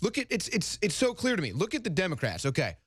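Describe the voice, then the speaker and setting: A man co-hosting a political talk show, animated and mocking in his delivery. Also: sits high, quick pace, husky, no echo, clean studio sound. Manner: animated, mocking impressions of others.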